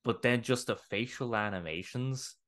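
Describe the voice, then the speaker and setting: A young adult man co-hosting a podcast, talking excitedly. He strings his thoughts together in long run-on bursts. His voice is an ordinary middle pitch, with the odd swear word. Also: moderate pace. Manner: excitable, rambling, swears casually. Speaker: podcast co-host. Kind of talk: casual chat.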